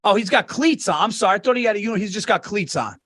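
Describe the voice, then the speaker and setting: Excitable high-voiced male podcast co-host. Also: fast. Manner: excitable, swearing, restarts mid-sentence. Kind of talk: casual chat.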